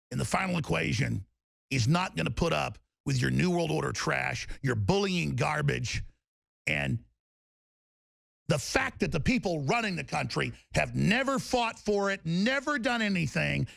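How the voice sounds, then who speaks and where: A man's voice: on the high side, creaky, a bit bright, no echo, studio quality. A man delivering an angry political rant, heated and emphatic, with mocking asides. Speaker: political commentator.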